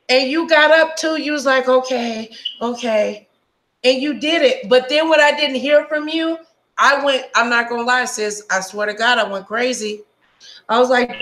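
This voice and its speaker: Woman, high voice, animated storyteller, blunt and profane, roomy echo. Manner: animated, blunt storyteller who swears freely. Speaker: live stream host. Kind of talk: casual live-stream chat.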